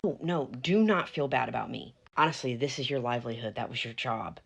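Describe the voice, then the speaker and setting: A woman's voice: very deep voice, fairly quick, vocal fry, hardly any pauses, breathy edge. A young woman narrating her own story and acting herself out, earnest, polite but firm. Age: young adult.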